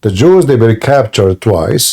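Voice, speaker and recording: Dark-voiced insistent man lecturing. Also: lowish voice, big pitch swings, normal speed, vocal fry. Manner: insistent, lecturing, repeats words when pressing a point. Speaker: host debating callers. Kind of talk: heated live debate.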